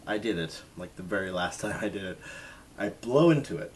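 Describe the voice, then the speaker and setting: A man's voice: deep voice, brisk, slight background noise. A man casually telling a self-mocking story to his camera in a jokey vlog style. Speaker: vlogger.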